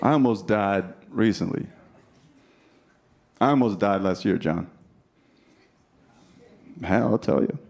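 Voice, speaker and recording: On a comedy club stage, a man in his thirties does brash stand-up with profane crowd work before a laughing audience. His voice is lowish and a little mellow, slow-paced with vocal fry and long pauses. The live club recording carries audience noise and laughter.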